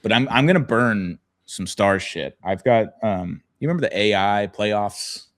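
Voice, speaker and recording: A man's voice: fairly low pitch, expressive, unhurried. A young man co-hosting a sports podcast, rambling and joking with casual swearing. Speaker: podcast co-host.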